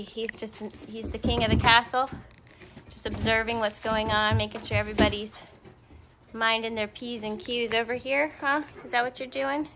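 A young dog breeder with a cold chats in sing-song baby talk to puppies in an indoor pen for a casual vlog. Her voice is on the high side and fairly bright, at a normal pace, against a noisy background.

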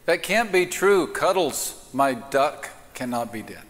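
A man's voice: mid-range voice, big pitch swings, takes it slowly, a bit bright. A man voicing a distraught woman who pleads that her pet cannot be dead, in a long church-hall reverb. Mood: pleading. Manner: pleading, disbelieving.

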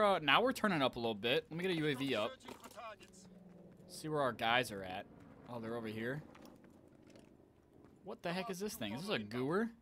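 A young man giving excitable live commentary on an online shooter match, talking to his viewers and trash-talking as he plays. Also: medium pitch. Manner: excitable, talks to viewers, trash-talks while playing. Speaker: gaming channel host.

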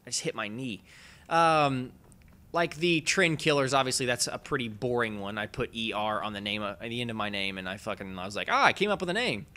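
A young man with a hoarse voice from a cold, rambling and swearing casually through his video game commentary. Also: fairly low pitch, steady tone, brisk, sharp tone. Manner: rambling, profane, laughs at himself. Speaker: let's play host.

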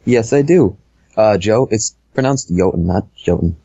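A man co-hosting a casual gaming podcast, excitable and laughing often, swearing now and then. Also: mid-range voice, unhurried, lo-fi sound. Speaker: co-host. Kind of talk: casual chat.

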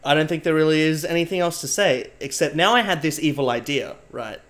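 A man's voice: a little high, a little fast, fairly bright tone. Mock-serious young male streamer. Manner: mock-serious, rambling, swears, talks to chat. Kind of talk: casual live-stream chat.

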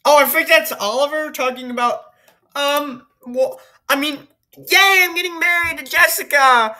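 A woman's voice: high voice, normal speed, pushed and bright. A woman doing gameplay commentary, reading a text story aloud and reacting with incredulous, swearing, laughing remarks. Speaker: video game streamer.

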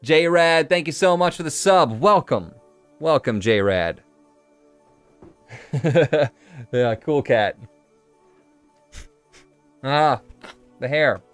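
A man's voice: a little high, very slow, pauses often, clean tone, no room sound, faint music behind. A man giving casual, chatty commentary while streaming a game and answering his chat.

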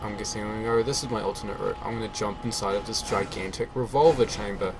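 A man's voice: lowish voice, steady tone, fast talker, gravelly, noisy background. A man talking casually to viewers as he plays a shooter game, chatty and self-mocking, with the odd swear. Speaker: game player. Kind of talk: solo gameplay commentary.

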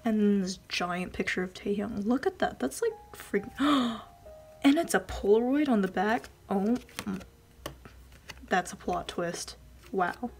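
A woman vlogger chatting casually as she unboxes a package, gushing and giggling, often dropping into soft whispers. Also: mid-range voice, expressive, slow.

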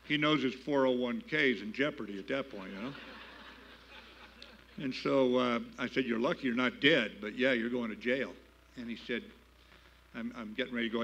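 Older male keynote speaker, mid-pitched, folksy storyteller, slightly dull lo-fi sound. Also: a bit bright, slight background noise. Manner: plain-spoken, folksy, building to emphatic patriotic appeals. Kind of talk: storytelling speech. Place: gala banquet hall.

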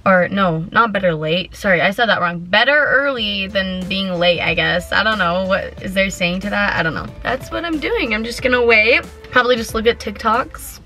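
A teenage girl vlogging from her parked car, chatty and excitable, giggling often and filling her talk with "like.". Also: medium pitch, normal speed, hardly any pauses, soft background music. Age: teens. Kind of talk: casual vlog chat. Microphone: handheld camera.

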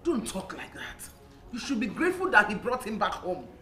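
An actress with a Nigerian accent in a film drama, firm and reproachful, recorded far off in an echoey room. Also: female voice, medium pitch, huge pitch swings, normal speed. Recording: echoey room, mic far off, loud music.

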